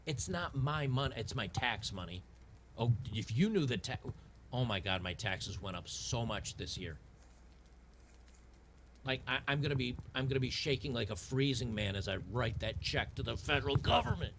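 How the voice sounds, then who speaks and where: A man in his fifties with a drawl and a gravelly edge to his voice. He rants in sarcastic, frustrated bursts, repeating and restarting his words. A faint hiss sits behind him. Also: mid-range voice, animated, moderate pace, a bit bright. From Tennessee. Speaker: gaming channel host. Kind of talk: ranting commentary over gameplay.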